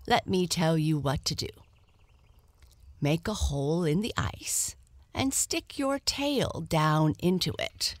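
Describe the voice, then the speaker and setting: Lady doing a sneaky smooth-talking fox, coaxing, bouncy, a bit higher than her usual. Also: no echo, full character voice. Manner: coaxing and persuasive. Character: sly, smooth-talking male fox trickster.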